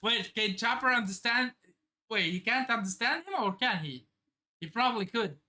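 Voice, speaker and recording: A woman's voice: a little high, lively intonation, normal speed, sharp tone. A woman hosting a live manga reaction stream, thinking aloud, exclaiming, swearing and laughing as she reads. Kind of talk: excited live reaction commentary.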